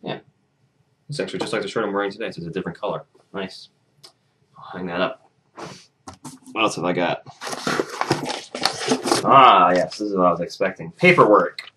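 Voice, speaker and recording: A young man with a lowish voice chats casually to his camera in a vlog. He rambles and restarts his sentences, and his retelling is lively and loose. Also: brisk, long pauses, background noise. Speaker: vlogger.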